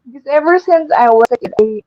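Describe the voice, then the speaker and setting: A woman's voice: high-pitched, animated, quick pace. A woman in her twenties with a Filipino accent, a pageant candidate who introduces herself in an interview, poised and courteous. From Iriga City, Bicol, Philippines. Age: 20s. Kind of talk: polite self-introduction in an interview. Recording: dull, dry video-call audio.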